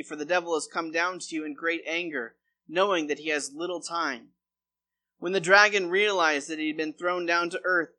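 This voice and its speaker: A man's voice: a little high, bright, forceful tone. A man preaching a sermon as pastor, reading a long scripture passage aloud before explaining it.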